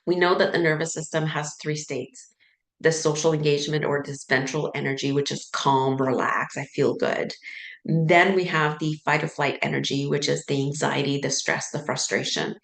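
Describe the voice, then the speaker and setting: A woman's voice: deep voice, steady tone, normal speed, creaky, reverberant. A woman sleep coach talking casually, explaining ideas and acting out worried thoughts, with lots of "like" and "right?". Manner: conversational, acts out inner thoughts with filler "like" and "right?". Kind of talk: casual teaching talk.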